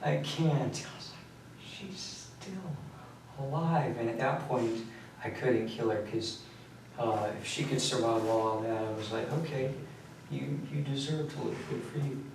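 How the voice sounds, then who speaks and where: A young man giving a police confession in a recorded interview, talking in a halting, detached way with many pauses and fillers. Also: medium pitch, fairly even intonation, creaky. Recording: echoey room recording from far off, faint hiss.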